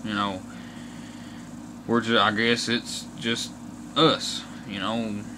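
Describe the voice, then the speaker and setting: Against a noisy background, a young man from Kentucky, USA, rants to camera with a flat delivery and a fairly low pitch. This vlogger has an Appalachian accent and sounds aggrieved and blunt, swearing often while speaking slow and deliberate.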